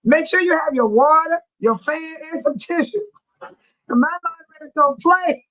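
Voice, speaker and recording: High-pitched lady hosting her stream, cracking up and out of breath talking to the chat. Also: moderate pace, fairly bright tone, poor audio. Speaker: livestream host. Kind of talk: casual livestream chat.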